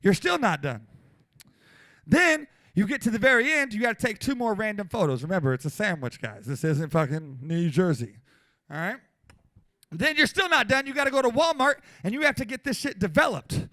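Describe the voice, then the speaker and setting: A man in his forties doing a profane stand-up routine at a small comedy venue, brash and loud, often breaking into shouts. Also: sits high, animated, moderate pace, dry recording.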